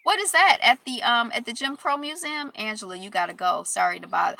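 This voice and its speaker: Bright, chatty woman live-streaming. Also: a little high, brisk, gravelly, few pauses, slight background noise. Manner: chatty, rambling, upbeat affirmations. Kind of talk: casual live stream chat. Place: Detroit.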